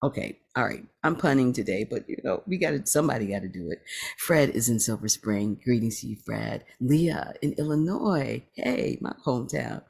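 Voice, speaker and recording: A man's voice: mid-range voice, animated, moderate pace, vocal fry, darkish tone, breathy edge. A man hosting an online sing-along, greeting viewers one by one over a video call in a playful, punning, upbeat way. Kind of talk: live-stream greetings.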